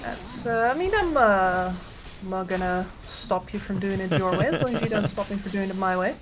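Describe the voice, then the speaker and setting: A woman giving casual color commentary on an esports match, with a relaxed, chatty and playful manner. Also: mid-range voice, brisk, slight background noise. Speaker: esports analyst caster.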